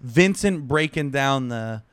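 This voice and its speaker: A man co-hosting a comedy podcast, halting as he searches for words. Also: medium pitch, lively intonation, clear, resonant tone, no room sound. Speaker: podcast co-host. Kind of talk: casual comedy podcast chat.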